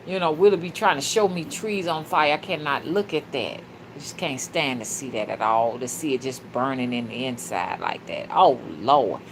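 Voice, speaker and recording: A woman hosting a spiritual livestream, talking fervently and casually to her viewers, with sudden loud shouts. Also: fairly low pitch, a little hiss or hum. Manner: casual and slangy, calls listeners "y'all" and "honey". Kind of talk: livestream talk reading viewer comments.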